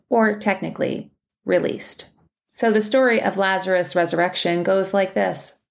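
A woman podcast host reading a scripted, reflective sermon and telling a story in measured phrases. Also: fairly low pitch, creaky.

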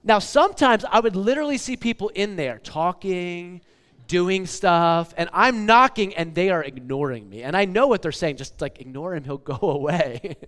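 Animated male pastor in a reverberant hall. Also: high voice, moderate pace, clean tone. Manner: conversational preaching with lots of "okay?" and "like". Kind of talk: sermon.

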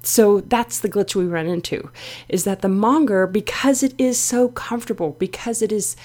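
A woman's voice: medium pitch, normal speed, darkish tone. A middle-aged woman hosting her own podcast, talking alone in a candid, confessional way with plenty of fillers. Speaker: podcast host. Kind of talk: reflective solo podcast talk.

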